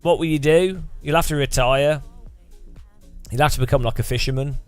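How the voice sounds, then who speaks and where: A man's voice: fairly high pitch, normal speed, clean tone, soft background music. A man streaming live and chatting casually, rambling and joking and laughing often.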